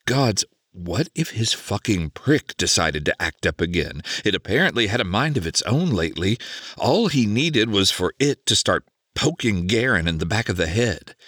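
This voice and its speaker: Slow, expressive male narrator. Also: low-pitched, dry recording, studio quality. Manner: measured, expressive storytelling. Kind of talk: audiobook narration.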